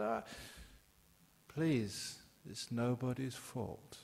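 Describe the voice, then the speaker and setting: An older Englishman delivers a Buddhist dharma talk to an assembled audience in a relaxed, humorous, conversational manner. His voice rests at a typical middle pitch with some vocal fry and a slow pace, leaping sharply upward for emphasis before sinking back low and quiet.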